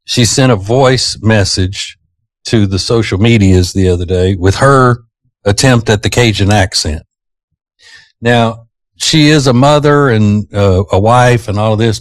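Male radio host, low voice, folksy storyteller, dry studio sound. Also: no echo. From Louisiana. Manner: folksy storyteller, laughs easily. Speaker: radio morning show host. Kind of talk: casual radio banter. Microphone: studio microphone.

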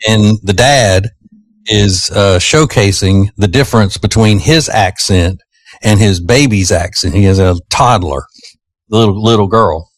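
A man's voice: fairly low pitch, measured pace, no room sound. A man with an American Southern accent chatting on air as a radio host, rambling and easygoing with lots of fillers. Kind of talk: casual chat.

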